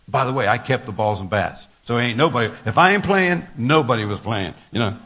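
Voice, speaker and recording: A man's voice: medium pitch, lively intonation, brisk, few pauses, sharp tone. An older man, a pastor, giving a folksy sermon full of stories, laughter and repeated words. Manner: folksy storytelling with laughter and repetitions.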